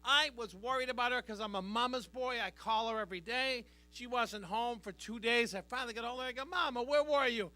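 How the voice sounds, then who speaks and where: Brash, bright-voiced middle-aged comedian. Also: male voice, very high voice, fairly quick, hardly any pauses. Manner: brash, crowd-working, punchy delivery. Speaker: stand-up comedian. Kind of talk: stand-up comedy routine. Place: live stage before an audience.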